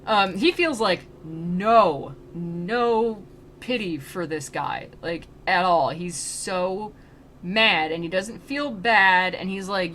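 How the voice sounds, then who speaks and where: A woman's voice: fairly low pitch, expressive, slow pace, a bit bright, slight background noise. A woman streamer giving casual, chatty commentary on a classic poem, with plenty of filler words and an amused tone.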